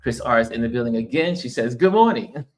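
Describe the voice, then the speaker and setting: A man's voice: mid-range voice, fast. Chatty, travel-weary American man host. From United States. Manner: chatty, laughs often, reads viewer comments aloud. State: tired from travel and little sleep. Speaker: livestream host. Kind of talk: casual livestream chat.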